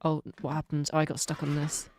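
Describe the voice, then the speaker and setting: A woman's voice: sits low, monotone, a little fast, darkish tone, slight background noise. A British woman streaming a game, chatting casually in rambling, self-mocking tangents. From United Kingdom. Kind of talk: casual chat while playing a game.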